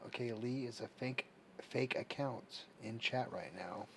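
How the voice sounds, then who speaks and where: A male streamer chats casually with his live audience, reacting to their messages as they come in. He speaks at an unhurried, drawn-out pace in a mid-range voice. Faint background noise sits under the recording. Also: medium pitch, a bit bright. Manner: slow, drawling, reacting to chat messages. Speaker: livestream host. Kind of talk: casual chat with live viewers.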